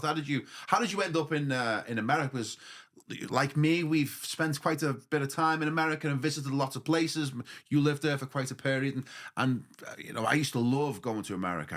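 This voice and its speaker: A man's voice: medium pitch, fairly bright tone. A man hosting a casual podcast conversation, chatty but hesitant, often repeating words before he finds what he wants to say. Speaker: podcast host.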